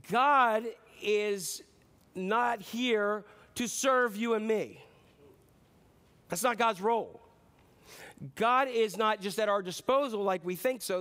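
A man preaches to his church with a lighter, higher voice than most men. He is animated and playful, acting out voices and repeating words for emphasis. It sounds like a pastor's sermon delivered from the pulpit. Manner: animated, acts out voices and repetitions.

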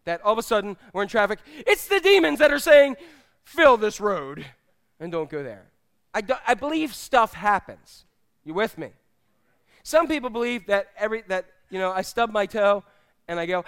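A man's voice: high-pitched, fairly bright tone, smooth. A male pastor preaching a conversational sermon, speaking directly to his congregation. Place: church.

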